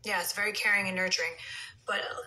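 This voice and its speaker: New woman in her thirties, phone live stream, bright tone, echoey room. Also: mid-range voice, little pitch movement, fast. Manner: chatty, swings into soft whispers and heated rants. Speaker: reality TV personality on a live stream. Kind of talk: casual live-stream chat reading comments.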